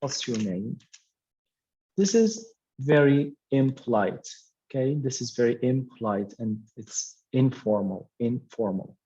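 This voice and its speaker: A man's voice: mid-range voice, a little slow, dark tone, muffled recording. A man teaching an English lesson, explaining patiently and repeating key words with frequent "okay" fillers. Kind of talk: classroom explanation.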